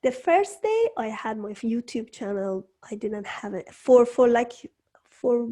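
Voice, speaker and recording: Slow-speaking woman, English as second language. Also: a little high, big pitch swings, mellow. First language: not English. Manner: slow, halting, with frequent restarts and laughs. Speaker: host. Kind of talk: casual interview chat. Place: home studio room.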